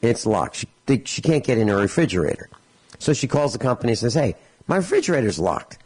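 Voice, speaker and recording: Animated man telling exasperated stories. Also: mid-range voice, fast talker, slightly rough. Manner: animated storytelling, acts out both sides of conversations; exasperated, sarcastic. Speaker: radio show host. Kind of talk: talk radio commentary.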